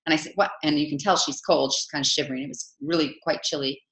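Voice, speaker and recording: Low-voiced woman coach in an echoey room. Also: steady tone, fast talker. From Utah, USA. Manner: chatty, warm storytelling with many "right?" asides. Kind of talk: live online coaching session. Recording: roomy echo.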